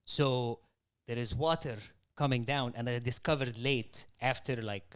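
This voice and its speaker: A man's voice: medium pitch, fairly even intonation, measured pace, clean tone, no room sound. A young man on a podcast, telling a rambling story in casual chat and acting out quotes from his mother. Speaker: podcast guest.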